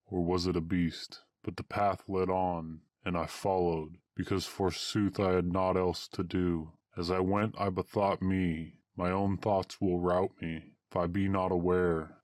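A man reads an old-fashioned adventure tale in first person, in a measured, archaic storytelling manner. His voice sits very low. The recording is dry and close, with no room sound. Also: no echo. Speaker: narrator.

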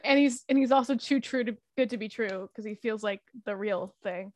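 A woman's voice: a little high, moderate pace, darkish tone, no echo. A woman hosting a podcast in casual chat, breezy and laughing often. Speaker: podcast host.

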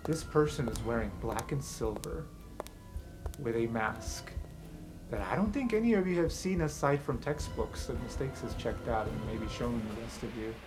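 A man narrates a tabletop game as its game master, at an ordinary middle pitch. His delivery moves between quiet, careful description and excited outbursts. Music plays clearly beneath his voice. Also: normal speed, rough recording. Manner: lively, shifting from hushed description to excited outbursts. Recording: background music under the voice.

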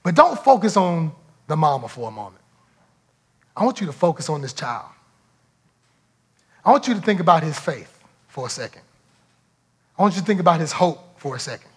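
High-voiced pastor preaching with emphasis. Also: male voice, very animated, moderate pace, long pauses, slightly rough. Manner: emphatic, repeats phrases for effect. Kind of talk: sermon.

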